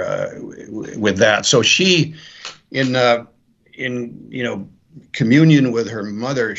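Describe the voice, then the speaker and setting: A man's voice: medium pitch, fairly bright tone. Brief: man, author guest, rambling storyteller who acts out lines, muffled lo-fi sound. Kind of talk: interview, retelling his novel's plot. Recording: dull lo-fi sound.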